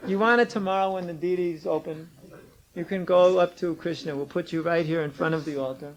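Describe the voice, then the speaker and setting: Man, high voice, lecturing a class, teasing, argumentative, emphatic, old cassette tape. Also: fairly quick, a little hiss or hum, poor audio. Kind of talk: lecture with questions from students.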